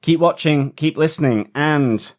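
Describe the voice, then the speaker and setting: A man co-hosting a TV podcast in casual chat, relaxed and often pausing on fillers. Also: fairly high pitch. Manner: relaxed, with frequent filler pauses. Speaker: podcast co-host.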